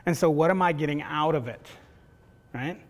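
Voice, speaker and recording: A middle-aged man with a fairly high voice, speaking at a moderate pace, lectures a class of facilitators as a university professor. His style is conversational, with frequent "right?"s and reenacted family stories.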